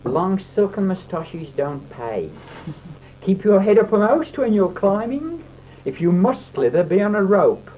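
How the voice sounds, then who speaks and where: A man's voice: high-pitched, sing-song, unhurried. A man reciting comic verse in a theatrical, mock-dramatic way, on a dull, slightly noisy old recording. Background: audience laughter.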